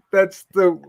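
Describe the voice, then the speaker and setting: A man from Canada chatting casually on a video call, talking haltingly with restarts and soft laughs. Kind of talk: casual chat.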